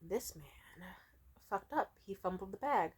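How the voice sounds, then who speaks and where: A woman's voice: medium pitch, lively intonation, slow, slightly rough. A woman vlogger in a casual storytime rant, rambling and swearing freely, with constant "like" fillers. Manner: profane, rambling, many "like" fillers.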